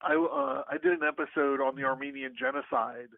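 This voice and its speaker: A man's voice: mid-range voice, wildly swooping pitch, fairly quick, gravelly, no echo. A man guest on a podcast, chatting in a laid-back, jokey way. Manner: laid-back, jokey, puts on voices for quotes. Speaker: podcast guest and fellow host. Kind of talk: casual podcast chat. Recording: dull dry lo-fi sound.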